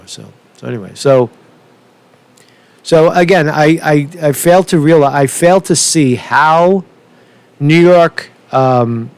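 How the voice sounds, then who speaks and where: A man's voice: a little high, dry recording. Profane rambling male vlogger. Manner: profane, rambling, repeats "right?" as a tag; halting restarts and repeated words. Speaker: political commentary vlogger. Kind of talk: unscripted rant.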